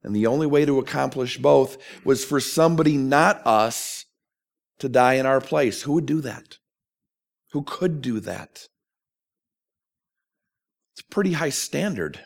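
A man's voice: mid-range voice, expressive, unhurried, vocal fry, long pauses. A man preaching a sermon as a pastor, earnest and emphatic, asking questions of his listeners.

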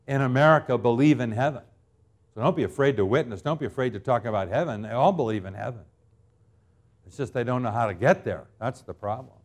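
A man in his fifties preaching a sermon as pastor, swinging between loud emphatic lines and quiet ones, stretching out key words. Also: medium pitch. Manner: drawn-out, deliberate phrasing on key words.

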